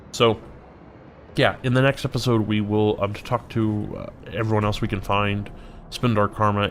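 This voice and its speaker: A man's voice: fairly low pitch, slight background noise. A man hosting a gameplay video, chatting casually and thinking aloud as he plays. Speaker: let's play host. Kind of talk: gameplay commentary. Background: faint music.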